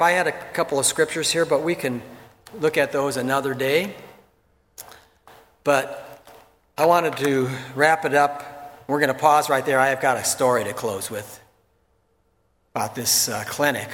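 A man's voice: medium pitch, steady tone, moderate pace, pauses often, a bit bright. A pastor giving a sermon in an earnest, conversational way, repeating words as he goes. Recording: long reverb from a large hall.

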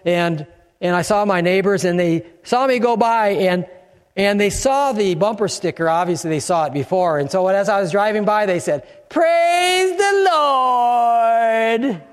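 An older man preaching a sermon, his voice sitting high and carrying through a church with a long, ringing reverb. He speaks in an animated way and rises to shouts to drive points home. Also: normal speed, clean tone. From Chicago. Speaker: pastor.

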